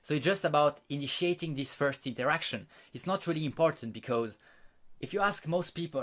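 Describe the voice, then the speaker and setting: A man with a slightly high, somewhat bright voice talks fairly quickly as he instructs viewers on social skills. The explanation is plain and repetitive, broken up by sample lines he acts out, and his phrasing is slightly non-native.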